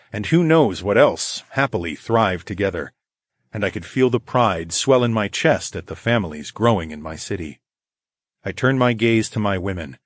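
A man narrating a story in the first person, calm and measured, as an audiobook narrator. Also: lowish voice, dry recording, clean studio sound.

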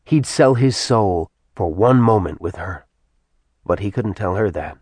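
A man narrating an audiobook in a soft, even storytelling manner. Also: fairly low pitch, unhurried, breathy edge, dry recording. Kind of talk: scripted narration.

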